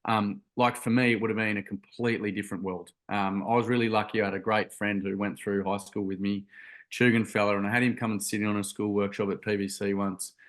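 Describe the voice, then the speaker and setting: Earnest man, low voice. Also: little pitch movement, fast, fairly bright tone. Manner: earnest, rambling, frequent ums and restarts. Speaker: guest, youth workshop founder. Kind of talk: casual storytelling interview.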